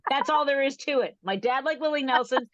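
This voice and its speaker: Fast-rambling woman comic on a dry video call. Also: high-pitched, fairly bright tone, no echo, highs cut off. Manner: rambling, self-interrupting, laughing at her own jokes. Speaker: stand-up comedian. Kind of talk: stand-up storytelling over video call.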